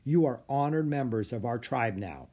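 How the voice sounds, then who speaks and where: A man voicing a dignified male emperor penguin in a storybook, formal and measured. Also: mid-range voice, expressive, dark tone, lightly acted. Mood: solemn. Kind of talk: audiobook character voice.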